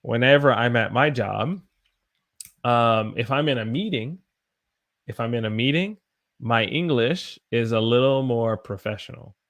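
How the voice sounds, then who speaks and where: A young American man, an English teacher, chatting on a live stream, animated and greeting his viewers by name. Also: medium pitch, a little slow. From United States. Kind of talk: casual live-stream chat.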